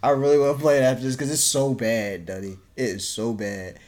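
A man co-hosting a casual podcast chat, animated, repeating himself and laughing often. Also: medium pitch, brisk. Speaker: co-host.

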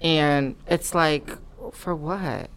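A woman's voice: low-pitched, extremely slow. A woman guest on a podcast talking frankly in casual chat, swearing freely and filling with "like". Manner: frank, profane, many fillers of "like".

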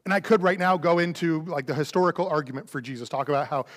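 A pastor with a fairly high voice delivers an Easter sermon in a church sanctuary, talking fast. His style is conversational and animated, and he slips into the voices of the people he quotes. A long hall reverb fills the sound.

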